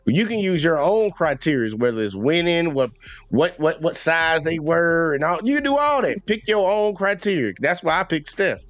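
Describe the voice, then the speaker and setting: A man's voice: fairly high pitch, expressive, moderate pace, a bit bright, no echo. A man co-hosting a casual sports debate. He is talkative, pushes hard on the rules, and swears casually. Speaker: podcast co-host.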